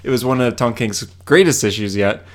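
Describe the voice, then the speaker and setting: A man's voice: medium pitch, a little fast. A young man co-hosting a casual comic podcast, eagerly correcting and explaining story details. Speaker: podcast co-host. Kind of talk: casual chat.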